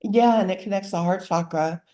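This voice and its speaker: A woman's voice: medium pitch, moderate pace, mellow. A woman from Louisiana with a Southern accent, co-hosting a casual chat and laughing often. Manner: playful, laughs often, drawls for fun. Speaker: podcast co-host.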